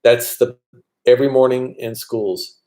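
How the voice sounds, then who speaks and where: A man's voice: mid-range voice, steady tone, measured pace, dark tone. A man casually chatting on a live stream, reading viewer comments aloud and answering them. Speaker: vlogger answering live chat.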